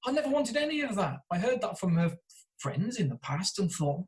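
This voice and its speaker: A very animated middle-aged British therapist and podcaster, his voice high and a little mellow, talks at a moderate pace on poor-quality audio. In an interview he chats through candid, self-deprecating stories, often restarting as he goes.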